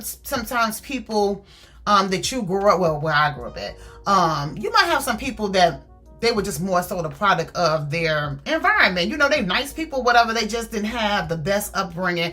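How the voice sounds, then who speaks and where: A chatty woman book reviewer gushes over a book in a casual review that retells its plot. Speaking at medium pitch, she's slangy and animated, calling listeners "girl" and "baby" and acting out characters' lines.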